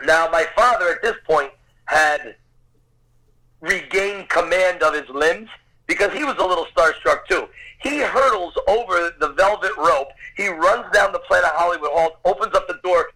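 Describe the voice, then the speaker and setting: A man's voice: fairly high pitch, pushed and bright, rough recording. A man in his fifties, a podcast guest telling a vivid personal story, swearing casually as he goes. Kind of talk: animated anecdote telling.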